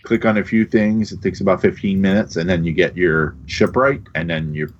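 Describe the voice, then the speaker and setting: A deep-voiced man co-hosts a podcast, laying things out in a plain, matter-of-fact way. His audio comes through muffled and lo-fi. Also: moderate pace, slight background noise. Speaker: podcast co-host. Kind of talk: casual chat. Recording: dull lo-fi sound.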